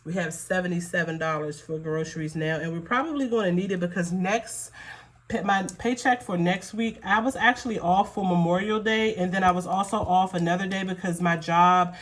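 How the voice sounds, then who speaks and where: Budget vlogger, woman, lowish voice, unhurried cash-counting chatter, a little choked up. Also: steady tone. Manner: slow, rambling, counts bills aloud with frequent fillers. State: emotional, choked up. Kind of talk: casual talk while counting cash.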